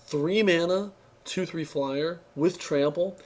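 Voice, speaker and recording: A man's voice: on the high side, slow pace. A young man with a tired, strained voice, giving an offhand, sarcastic review in casual speech, full of fillers and restarts. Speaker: card game reviewer.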